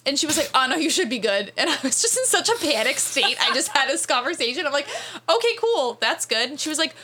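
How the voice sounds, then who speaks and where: Bright, chatty young woman telling a story. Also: sits high, a little hiss or hum. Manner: animated, fast, frequent "like" fillers, laughing as she tells it. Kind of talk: casual storytelling chat.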